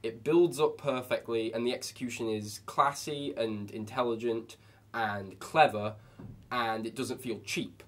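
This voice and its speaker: A man co-hosting a film review podcast in casual chat, animated and often laughing. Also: a little slow. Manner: animated, laughing, excitable, voice jumps higher.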